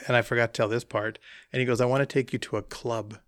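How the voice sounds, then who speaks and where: A man casually telling an animated travel anecdote, acting out the dialogue as he goes. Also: mid-range voice, fast talker, no room sound, clean studio sound. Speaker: hunting trip guest telling a story. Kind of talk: casual storytelling.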